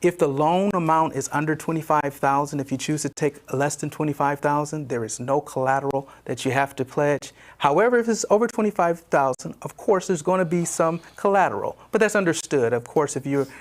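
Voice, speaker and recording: A man briefing flood victims on disaster loans in a voice a little higher than usual. He talks with frequent fillers and restarts and keeps circling back to stress key points. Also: brisk, few pauses. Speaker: disaster loan representative. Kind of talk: informational briefing.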